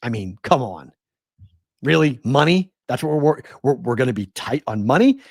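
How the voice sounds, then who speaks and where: A man's voice: mid-range voice, very animated, normal speed, dry recording, studio quality. A man in his forties hosting a sports talk show, ranting with exasperated rhetorical questions. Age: 40s. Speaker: sports betting show host. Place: West Coast.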